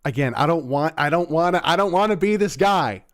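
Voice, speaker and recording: A man's voice: a little high, expressive, fairly quick, no echo, soft background music. A man hosting a livestream, giving casual, sarcastic commentary on clips he plays, rambling with fillers. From Canada. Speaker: livestream host reacting to clips.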